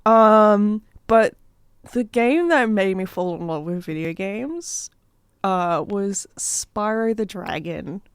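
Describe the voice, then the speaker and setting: A young woman co-hosting a radio show, telling stories in an animated way and laughing often in casual chat. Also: mid-range voice, slow, clear, resonant tone, no room sound, clean studio sound.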